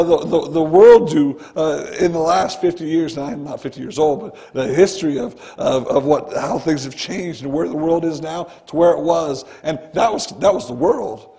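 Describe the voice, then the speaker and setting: Male pastor, earnest conversational sermon, mellow gravelly tone. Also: on the high side, normal speed, few pauses. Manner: earnest, conversational preaching, often starting with "listen". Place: church sanctuary.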